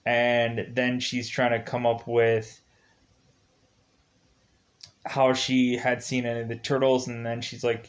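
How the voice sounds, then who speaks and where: A man reviews a film in a loose, casual way, retelling the story scene by scene. He speaks slowly at an ordinary pitch, and he keeps trailing into filler words before he picks the thread back up. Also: monotone. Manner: rambling, leans on filler words and restarts. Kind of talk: casual spoken movie review, retelling the plot.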